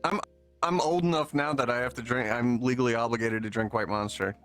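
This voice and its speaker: A man's voice: medium pitch, fairly even intonation, fairly quick, a bit bright. A man speaking as a guest makes wry jokes at his own expense, his voice leaping upward as he gets into a bit. Faint music sits behind him. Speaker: guest developer. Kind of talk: casual chat.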